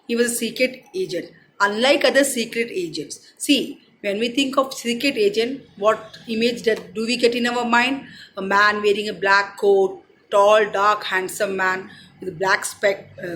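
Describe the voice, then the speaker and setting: Teacher explaining a story. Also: female voice, mid-range voice, a little slow, fairly bright tone, slight background noise, poor audio. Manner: explains word meanings, retells each passage in simple words. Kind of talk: reading and explaining a textbook story.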